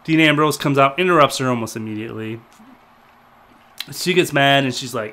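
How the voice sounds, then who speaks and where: A man talking casually as a co-host, retelling a show in a loose, rambling way. He hesitates often, with fillers and self-corrections, at an ordinary middle pitch. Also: a little fast, pushed and bright. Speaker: podcast co-host. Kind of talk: casual review chat.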